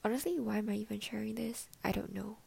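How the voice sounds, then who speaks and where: A young woman musing in a soft, often half-whispered way, sharing personal reflections in a casual vlog. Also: mid-range voice, fast, vocal fry, slightly rough. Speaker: vlogger.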